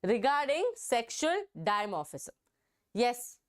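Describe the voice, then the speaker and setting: A woman leads a live online biology class. Her high voice sits well above most women's. She coaxes her students and hammers key words again and again, in a smooth, clean tone. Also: big pitch swings, slow pace. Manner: coaxing, repeats key words to stress them. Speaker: online exam-prep teacher.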